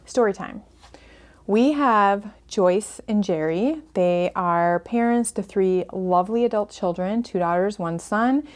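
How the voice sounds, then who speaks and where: A woman's voice: mid-range voice, slow pace. A woman hosting a podcast on family estrangement, talking with listeners in an earnest, empathetic way and walking them through a case story as a counselor.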